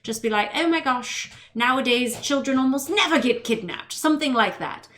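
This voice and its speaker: Woman, from the US, fake English accent, playful rambling stream chat, somewhat high voice. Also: lively intonation, moderate pace, a bit bright. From United States. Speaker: live streamer. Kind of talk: casual live-stream chat while cooking.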